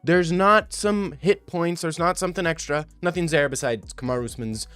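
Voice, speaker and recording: A young man in his twenties giving casual, animated and mocking commentary over fight replays. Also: a little high, moderate pace, clear, resonant tone, no room sound, faint music behind. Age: 20s. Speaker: video commentator.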